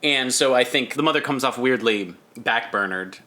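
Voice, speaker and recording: A man's voice: medium pitch, normal speed. A man co-hosting a podcast, chatting casually about a film, laughing often and restarting his sentences. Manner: lively, laughing, trails off and restarts. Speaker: podcast co-host.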